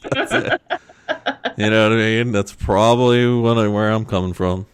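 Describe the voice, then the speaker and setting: A man's voice: on the low side, fairly even intonation, measured pace, clear, resonant tone, no room sound. A man co-hosting a podcast in casual chat, laughing often and restarting his sentences. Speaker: podcast co-host.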